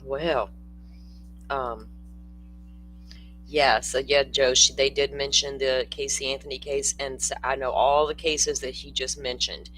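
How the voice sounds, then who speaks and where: An older man hosts a casual true-crime livestream, chatty and blunt as he answers comments from the chat. His voice sits at a middling pitch, with a faint hum under the recording. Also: level tone, a little slow, bright, forceful tone, low-quality recording.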